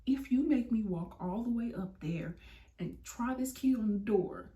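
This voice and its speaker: A woman's voice: on the high side, measured pace, dark tone, lightly acted. A woman voicing a pushy male police officer, stern and threatening. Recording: roomy, mic at a distance.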